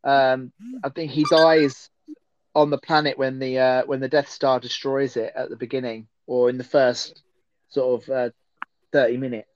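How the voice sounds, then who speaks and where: A man's voice: mid-range voice, flat delivery, moderate pace, no room sound, muffled recording. A man hosting a casual, jokey watch-along chat and reading out viewer messages. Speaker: host.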